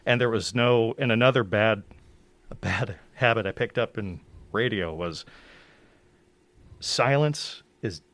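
A man chatting casually as a podcast guest about narrating an audiobook, blunt and quick to swear. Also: on the low side, a bit bright. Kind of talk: casual chat.

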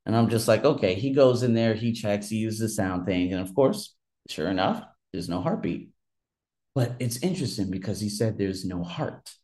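A man's voice: on the low side, lively intonation, moderate pace, darkish tone. A man telling a personal story in a casual monologue, ranting heatedly and swearing often. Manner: heated, profane ranting with frequent restarts.

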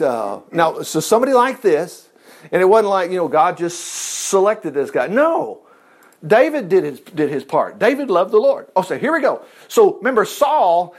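A man teaching from the Bible, reading passages aloud and breaking in with exclamations of praise. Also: sits high. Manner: expressive, reads scripture aloud and comments with exclamations. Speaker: preacher.

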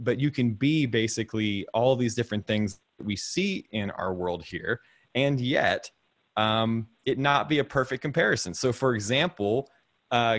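Here the thirties-aged host's voice runs on the low side, with a fairly bright tone and no room sound. Chatting over a video call, he meanders through faith and fatherhood, repeating words and chuckling frequently.

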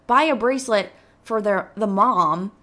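A woman in her twenties, a podcast host telling a casual story in a dramatic, animated way, with casual swearing. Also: medium pitch, a little slow.

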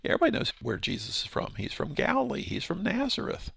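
A man's voice: sits high, wildly swooping pitch, quick pace, gravelly, a bit bright, husky, no room sound. A man giving a casual verse-by-verse Bible teaching, explaining with rhetorical questions and his own paraphrases.

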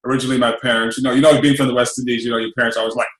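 A middle-aged man with a bright, forceful voice talks in a loose, rambling way, dropping fillers and asking "right?" as he goes. The room around him rings with echo. His pitch sits at an ordinary middle height. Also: level tone, very fast. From England. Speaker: radio host guest. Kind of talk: casual interview.

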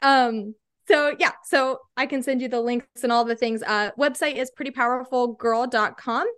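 A woman's voice: a little high, moderate pace, clean tone. A woman guest, a body-confidence coach, speaking with passion and emphasis in an interview. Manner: energetic, emphatic, tag questions like "right?".

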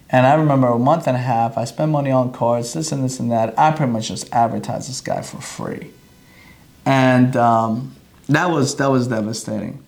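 A young man, a chiropractor, telling a personal story and acting out the quoted lines with big jumps in pitch. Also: vocal fry, darkish tone.

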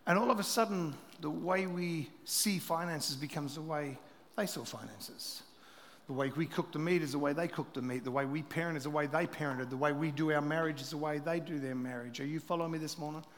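A middle-aged pastor delivers a sermon in a raised, high-pitched voice, telling stories with lively swings between loud passages and hushed asides. His voice rings out with a long reverb tail, as if from a large church hall. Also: brisk.

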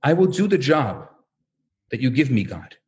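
A man giving a storytelling lecture as a rabbi, animated and conversational, acting out the voices in his stories. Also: mid-range voice, normal speed. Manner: animated, acts out quoted voices; self-interrupting, conversational.

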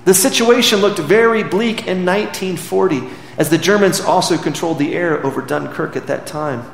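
A man's voice: high-pitched, moderate pace, gravelly. A man preaching a sermon, earnestly retelling a film scene as a story. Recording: echoey hall with faint background noise.

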